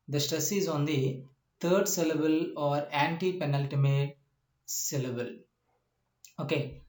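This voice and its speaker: A man with a fairly high voice gives a lecture at a very slow, deliberate pace. He repeats each point with many "uh" pauses and keeps asking whether the listener understands. The room around him is echoey. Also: a little mellow. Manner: slow, repetitive explanations with frequent "uh" and checking questions. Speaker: teacher. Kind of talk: classroom lecture.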